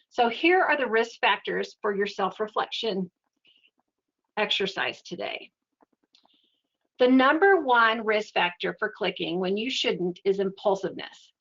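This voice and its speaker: A woman giving an educational webinar talk in a steady, explanatory, conversational way. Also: on the high side, lo-fi sound. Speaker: webinar presenter.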